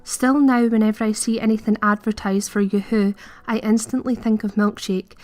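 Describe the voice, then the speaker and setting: A woman's voice: mid-range voice, fairly even intonation, normal speed, a little mellow. A woman, reading scripted narration in an earnest, puzzled way. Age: early 20s. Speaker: video creator.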